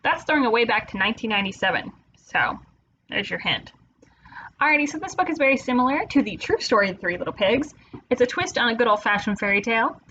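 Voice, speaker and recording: A woman teacher reading a children's picture book aloud, playful and expressive. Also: fairly high pitch, fast, highs cut off, a little hiss or hum.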